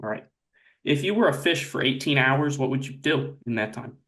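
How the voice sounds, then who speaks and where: A young man with a mid-pitched voice plays the interviewer, asking his questions slowly and earnestly. His mock-serious tone never cracks. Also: lively intonation, fairly bright tone.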